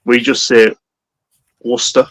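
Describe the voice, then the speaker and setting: A man's voice: medium pitch, flat delivery, measured pace, no echo. A man with an English accent in casual chat, wry and teasing. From England.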